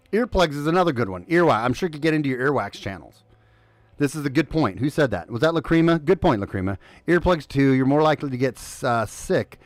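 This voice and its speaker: A sarcastic man hosting a news commentary stream, with a slightly raised pitch that leaps around a great deal. He swings from loud jabs to low muttered asides. His voice sounds close and dry. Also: no room sound. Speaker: host.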